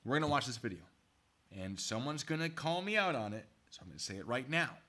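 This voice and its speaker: A man's voice: mid-range voice, very animated, fast, bright, forceful tone. A man in the middle of his range chats through a casual live stream, close to his desk mic. He rambles and drifts into asides aimed at his viewers. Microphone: desk mic pulled close.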